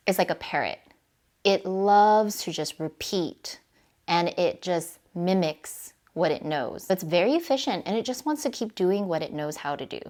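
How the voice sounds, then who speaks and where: A woman with a lowish voice gives a casual advice vlog as a life coach. She speaks earnestly and encouragingly right to the viewer. Her talk is chatty, dotted with little "right?" tags.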